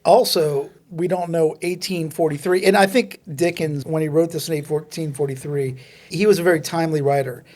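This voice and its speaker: A man's voice: fairly high pitch, steady tone, moderate pace, darkish tone. A man with a New Orleans accent, co-hosting a casual film podcast and talking in a reflective, musing way. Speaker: podcast co-host.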